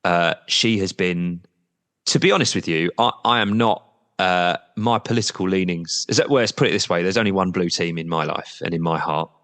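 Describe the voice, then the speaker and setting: A man's voice: deep voice, moderate pace, a bit bright, big-room sound. A man representing a football supporters' trust as a podcast guest, talking candidly and at length, with the odd blunt swear word.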